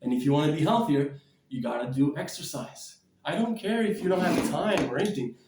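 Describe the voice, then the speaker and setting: A man vlogging about diet and exercise in a blunt, energetic, preachy way, sometimes moving about as he talks. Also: on the high side, a little fast, reverberant, distant mic, a little hiss or hum. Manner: energetic, bouncing and shadow boxing while talking. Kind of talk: casual motivational vlog.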